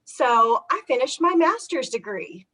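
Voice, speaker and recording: A woman performing a stand-up comedy set with animated, punchy delivery. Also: high voice, measured pace, crowd noise, rough recording. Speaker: stand-up comic.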